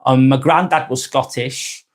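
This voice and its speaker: A man's voice: medium pitch, steady tone, measured pace. Reflective man with a Lancashire accent. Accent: Lancashire (Blackburn). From Lancashire, northwest England. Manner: rambling and reflective, frequent restarts and self-corrections. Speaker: YouTuber hosting a live stream. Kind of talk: casual live-stream monologue.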